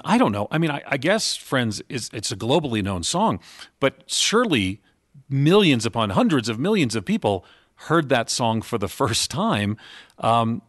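A man's voice: medium pitch, no echo, studio quality. A middle-aged man hosting a pre-recorded radio interview, earnest, stopping and restarting as he asks questions. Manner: earnest, with many fillers and restarts. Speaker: radio host.

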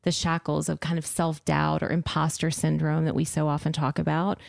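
A woman's voice: low voice, completely flat delivery, moderate pace, vocal fry, dry recording, clean studio sound. A woman hosting a podcast, leading a casual interview and speaking with enthusiasm and admiration for her guest. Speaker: podcast host.

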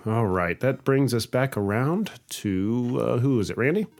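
An enthusiastic man hosting a casual podcast, with a middle-pitched voice. He passes the talk from guest to guest. His tone is lively and keen. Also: measured pace, faint music behind. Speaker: podcast host. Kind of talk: casual chat.

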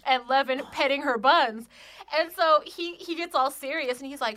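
A woman, co-hosting a casual podcast, telling animated stories with a lot of profane slang. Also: sits high, normal speed. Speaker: podcast co-host. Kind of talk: casual chat.

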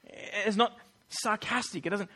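Earnest man preaching, fairly high voice. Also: unhurried, pushed and bright, husky. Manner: earnest, conversational, acts out quoted voices. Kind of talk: sermon.

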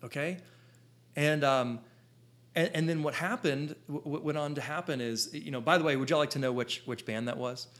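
A man in his thirties, a photographer, telling a personal story to an audience in an excitable, rambling way, full of restarts and "like". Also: on the high side, moderate pace. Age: 30s.

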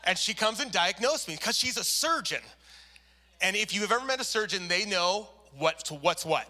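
A man's voice: high voice, animated, normal speed, pushed and bright. A man preaching a sermon, telling a story animatedly and acting out the people in it. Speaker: pastor.

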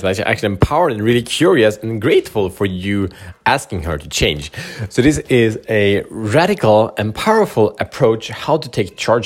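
A man's voice: lowish voice, breathy edge. A man talking casually to camera as a relationship coach, candid and loose, swearing and laughing now and then. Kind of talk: casual advice talk to camera.

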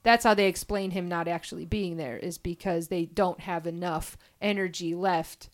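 A woman's voice: lowish voice, fairly even intonation, normal speed. A woman chatting casually about an old TV series, agreeable and full of fillers. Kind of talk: casual fan discussion.

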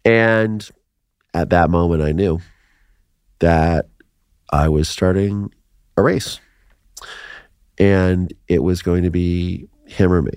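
A man in his forties from Ohio, telling his life story as a podcast guest in an animated way, acting out quotes and laughing between lines. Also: low voice, slow pace, pauses often, smooth, no room sound, studio quality. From Ohio, USA.

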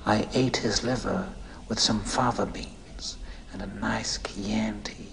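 An actor playing a chilling, cultured male killer, speaking slowly and with menace, his voice sinking to a hiss. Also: fairly low pitch, fairly even intonation, creaky. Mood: menacing. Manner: slow, menacing, ends in a hiss.

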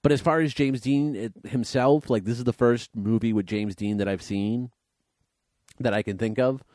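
Co-hosting a laid-back movie podcast, a man rambles a little and reads trivia aloud. His voice is medium in pitch, fairly even in intonation, at normal speed and a little mellow, recorded clean in a studio with no echo.

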